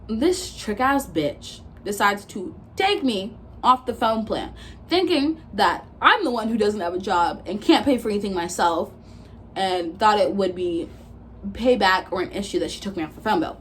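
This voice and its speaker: A young woman in her twenties venting through a storytime vlog at a mid-range pitch. She is blunt and swears freely, and she acts out both sides of old arguments as she retells them. A faint hiss sits under her voice. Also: animated, moderate pace. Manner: blunt and profane, retelling with quoted back-and-forth. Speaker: vlogger. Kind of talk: casual storytime rant.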